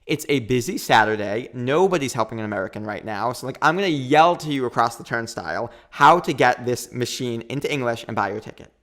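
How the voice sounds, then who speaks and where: A man in his thirties, a podcast guest, telling a long story in a lively, quick way and acting out what people said. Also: mid-range voice. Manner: animated, quick storytelling with acted-out quotes. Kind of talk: storytelling in a casual interview.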